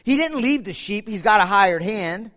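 Male preacher, high animated voice, dramatic sermon delivery, echoey church hall. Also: moderate pace. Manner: animated, dramatic, swings from loud to hushed.

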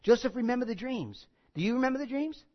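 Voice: medium pitch, fast, dull audio. A pastor preaching a sermon and teaching through a Bible passage in a conversational way, repeating key phrases and asking the congregation questions. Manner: animated, asks the congregation questions.

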